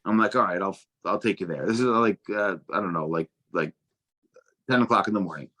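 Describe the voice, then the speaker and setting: A man's voice: deep voice, brisk, sharp tone. A young adult man telling casual stories as a guest, swearing freely and stumbling through restarts. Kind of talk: casual storytelling.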